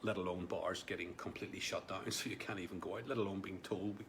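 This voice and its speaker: Low-voiced rambling male live vlogger. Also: fairly even intonation, fast, fairly bright tone, slight background noise. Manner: rambling, chatty, many restarts and asides to viewers. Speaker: live vlogger answering viewer comments. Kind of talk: casual live-stream chat.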